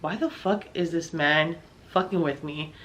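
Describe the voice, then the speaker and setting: With a low, slightly bright voice at a measured pace, another young woman recounts something that happened to her, storytime style. Profanity runs throughout, and her exasperation shows as she voices the lines of the people involved.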